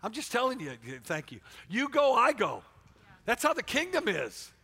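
A pastor with a very high, bright, forceful voice, huge pitch swings, vocal fry, and a breathy edge preaches at a moderate pace in a church sanctuary. His fervent sermon is full of repeated restarts, and he calls on people present by name.

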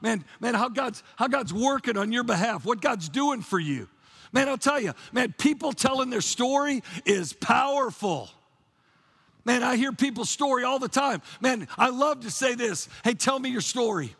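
High-voiced gravelly preacher man. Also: expressive, normal speed, a bit bright. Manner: fervent, repeats "man" often, restarts phrases. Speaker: pastor. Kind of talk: sermon. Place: church.

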